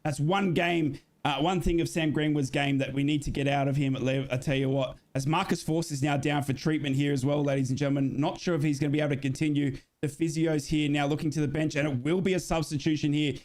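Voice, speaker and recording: A man commentates a football match live with a high, ringing voice. He is excitable and jokey and breaks into shouts and gushing at the big moments. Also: quick pace, hardly any pauses.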